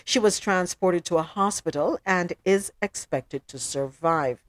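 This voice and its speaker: A woman hosting a podcast who reads out news stories and then comments on them loudly and emphatically. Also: on the low side, unhurried, dry recording. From South Florida. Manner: reads news items evenly, then gets loud and emphatic in her opinions. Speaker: podcast host. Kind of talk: news recap with personal commentary.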